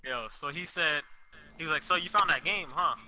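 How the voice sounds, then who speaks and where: A young man telling a story in a casual, animated way, full of slang and swearing, on a podcast with friends. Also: a little high, normal speed, a little hiss or hum, poor audio. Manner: animated, profane, street slang. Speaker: podcast co-host.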